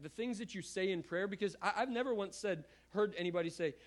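Animated preaching man, slightly high voice. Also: fast, hardly any pauses. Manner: animated preacher, repeats words, conversational asides. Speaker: pastor. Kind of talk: sermon with scripture reading.

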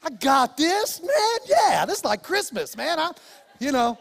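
A man's voice: very high-pitched, big pitch swings, a little slow, vocal fry, a bit bright, in a large hall, pitched above the performer's own voice, exaggerated voice. A man voicing a cheerful, grateful teenage son who is happy to do his chores, in a breezy, eager way. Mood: cheerfully eager.

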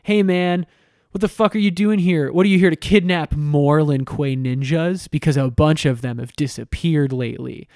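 A man's voice: on the high side, moderate pace, a little mellow, no room sound, clean studio sound, close to an everyday voice. A man paraphrasing a suspicious, hostile male ninja warrior from a video game, casually and with swearing. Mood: accusing. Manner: casual profane paraphrase in his own voice.

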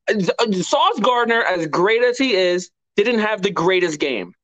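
A man co-hosting a casual sports podcast, excitable and profane, talking in halting bursts full of restarts. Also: sits high, lo-fi sound. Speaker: podcast co-host.

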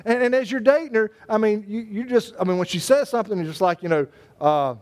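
A man's voice: high voice, quick pace, a little mellow. A man, preaching a sermon in a folksy, joking way and calling on members of his congregation by name. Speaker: pastor.

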